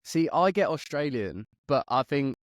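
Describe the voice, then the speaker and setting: An English man hosts a relaxed podcast chat and keeps calling his guests mate. His voice sits at a middle pitch. The mic is close and dry. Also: normal speed, no echo. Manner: friendly, calls everyone mate. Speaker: podcast host. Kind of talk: casual chat.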